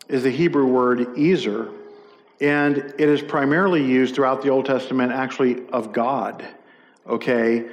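A man's voice: medium pitch, big-room sound. A middle-aged man preaching a conversational sermon as a pastor, with frequent fillers and self-corrections.

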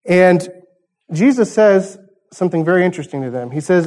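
A man's voice: high-pitched, expressive, a little fast, darkish tone. A man preaching a conversational sermon, teaching through a passage and asking the congregation rhetorical questions. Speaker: pastor.

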